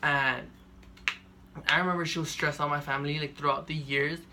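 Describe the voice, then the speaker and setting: A young man telling a personal story in a monotone that rambles and leans on filler words. His voice sits a little high, with a gravelly, bright, tense edge. Faint noise hums underneath. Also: moderate pace. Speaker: vlogger.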